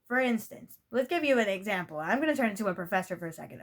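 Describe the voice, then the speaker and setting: A woman's voice: mid-range voice, quick pace. A young woman talking straight to her camera in a casual vlog. She rambles, restarts her sentences and keeps filling the gaps with "like" and "you know what I mean". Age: young adult. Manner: rambling, talkative, many fillers and restarts. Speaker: vlogger. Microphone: camera mic.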